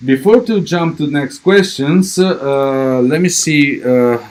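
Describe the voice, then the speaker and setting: A man's voice: fairly high pitch, a little mellow. Italian-accented man answering viewer questions. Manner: halting, many fillers and restarts, reads out viewer questions. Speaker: crypto project representative. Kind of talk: livestream Q&A update.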